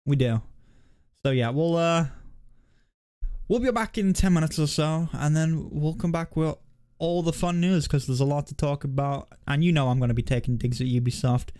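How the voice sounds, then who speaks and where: Teasing man, slightly high, dry mic. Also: normal speed, warm tone, no room sound. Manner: teasing, laid-back, laughs often. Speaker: podcast host. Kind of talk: casual chat.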